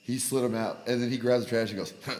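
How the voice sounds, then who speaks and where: A young man co-hosting a casual podcast, telling wrestling stories in animated bursts. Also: mid-range voice, long reverb tail, background noise. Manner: animated storyteller, quick bursts when excited. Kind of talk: casual chat. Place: garage.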